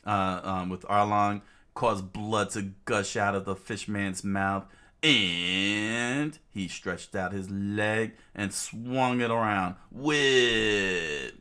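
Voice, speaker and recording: A man casually reading a manga aloud, halting often with fillers and restarts. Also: fairly low pitch, sharp tone, smooth. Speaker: reader.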